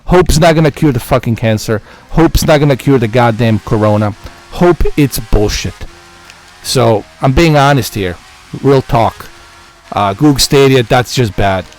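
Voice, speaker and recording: A man's voice: mid-range voice, unhurried, soft background music. A man ranting heatedly as a gaming vlogger, swearing often and repeating his points in exasperation. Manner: profane, repetitive, exasperated. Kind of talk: heated rant to camera.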